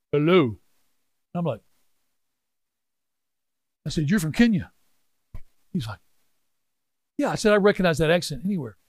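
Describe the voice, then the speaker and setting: A man in his sixties telling a personal story in a sermon, swinging from hushed asides to loud exclaiming. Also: on the high side, no echo. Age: 60s. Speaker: pastor.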